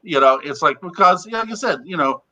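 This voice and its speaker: Older male guest, bright high voice, jokey and rambling. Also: brisk, lo-fi sound. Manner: animated, joking, stumbling restarts. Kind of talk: casual chat.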